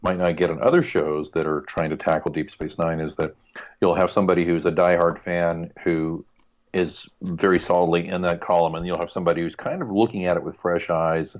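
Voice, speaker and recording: A man's voice: low-pitched, steady tone, brisk, highs cut off. A man co-hosting a podcast in casual chat, joking and rambling with asides. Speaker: podcast co-host.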